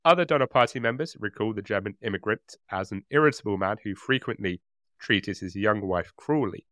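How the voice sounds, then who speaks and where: A man's voice: lowish voice, lively intonation, brisk, a bit bright, no room sound, clean studio sound. A man co-hosting a casual history podcast, reading grisly quotes aloud and often breaking into giggles. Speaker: podcast co-host and storyteller.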